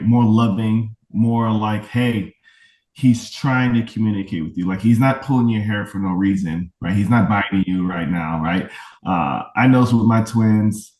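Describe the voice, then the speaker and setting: A man's voice: fairly low pitch, a little mellow. A man talking earnestly and reflectively as an interview guest, a father of autistic twins, often checking in with "right?". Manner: reflective, earnest, fond of tag questions. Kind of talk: candid conversational interview. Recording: roomy, distant from the mic.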